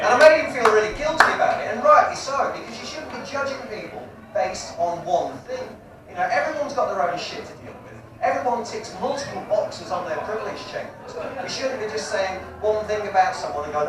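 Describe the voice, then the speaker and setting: Man in his forties, stand-up comic, high voice, brash crude delivery, echoey room heard from far off, audience noise. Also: lively intonation, brisk. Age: 40s. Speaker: stand-up comedian. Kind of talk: stand-up comedy set. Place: comedy club stage.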